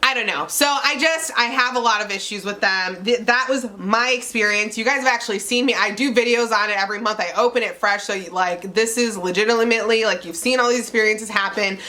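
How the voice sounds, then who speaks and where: A young woman talks to her viewers in a loose, animated rant, stringing her thoughts together with plenty of fillers. Her voice sits a little high and sounds bright and forward. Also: a little fast, hardly any pauses. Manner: chatty and animated, full of "like" fillers. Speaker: beauty subscription box reviewer. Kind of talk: casual vlog rant.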